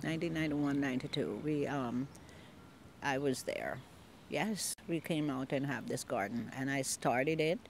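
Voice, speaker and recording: Older woman gardener, lively storyteller acting out quoted voices, outdoor interview. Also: extremely low pitch, moderate pace, gravelly, slight background noise. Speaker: longtime community gardener.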